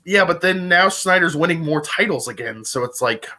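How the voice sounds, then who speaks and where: A man's voice: a little high, expressive, moderate pace, bright, forceful tone. A young man co-hosting a live podcast, chatting casually and rambling with lots of "like". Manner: rambling, heavy use of "like". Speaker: podcast co-host. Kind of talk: casual chat about a trivia competition.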